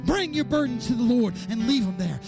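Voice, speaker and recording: A man preaching in a church, moving from hushed storytelling to loud, fervent altar-call exhortation. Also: very high-pitched, lively intonation, a little fast, gravelly, music in the background. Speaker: pastor. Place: church service with music behind.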